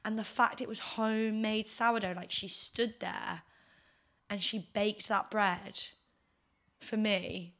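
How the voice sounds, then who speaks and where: A woman's voice: medium pitch, steady tone, slow pace, a bit bright. A young woman hosting a podcast, hungover and tired, chatting casually in a rambling, gushing way full of fillers. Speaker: podcast host. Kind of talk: casual chat.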